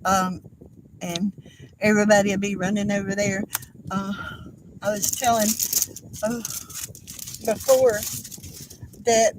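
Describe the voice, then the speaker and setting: An older woman, hosting a casual craft livestream, speaking in a halting, tearful, apologetic way with many fillers. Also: medium pitch, fairly even intonation, background noise.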